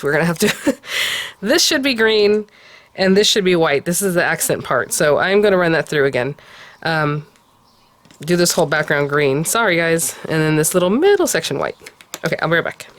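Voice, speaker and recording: A woman hosting a card-making tutorial, talking casually and often cooing softly over how cute the pieces are. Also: deep voice. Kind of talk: casual crafting tutorial talk.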